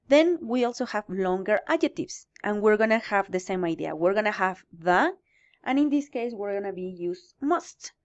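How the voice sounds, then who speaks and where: A woman's voice: medium pitch, highs cut off. A woman teaching English grammar in a recorded lesson, explaining step by step and answering her own questions.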